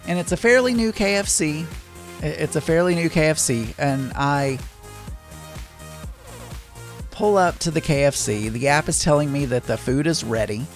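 A man's voice: on the high side, expressive, normal speed, faint music behind. A man telling a casual story, rambling with many restarts and exasperated asides.

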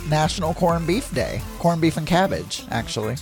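A middle-aged man hosts a daily solo podcast, talking in a loose, rambling, chatty way. His pitch swings widely as he goes, and he pokes fun at himself. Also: animated, moderate pace, few pauses, faint music behind. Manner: rambling, chatty, self-deprecating. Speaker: podcast host. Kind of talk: casual solo chat.

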